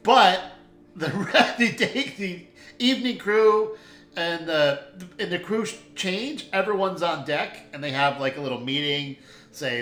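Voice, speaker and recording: Lively dm guy, bright slightly high voice, echoey room. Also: measured pace. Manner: animated, laughing storyteller. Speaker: game master. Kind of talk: narrating a tabletop game.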